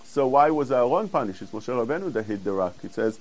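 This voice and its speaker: Man, Torah lesson, very quick delivery, earnest explaining. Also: mid-range voice, animated, darkish tone, rough recording. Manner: fast, earnest, quotes Hebrew verses in a quick chant. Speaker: Torah teacher. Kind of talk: Torah class lecture.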